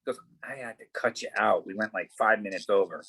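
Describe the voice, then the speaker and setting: A man's voice: fairly low pitch, fast talker, a bit bright, slightly rough, poor audio. A middle-aged man, an actor, telling stories in a casual interview, acting out quoted dialogue and swearing casually. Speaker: actor guest.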